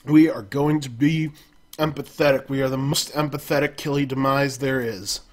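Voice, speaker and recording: A man with a husky voice reading an adventure gamebook aloud, breaking off for wry, self-mocking asides. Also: medium pitch, fairly even intonation, normal speed. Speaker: game narrator.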